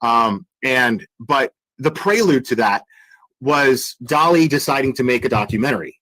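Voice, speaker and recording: A man's voice: mid-range voice, expressive, moderate pace, bright, forceful tone, rough recording. A man hosting a casual livestream commentary, talking bluntly and crudely with lots of fillers and restarts. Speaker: commentary channel host.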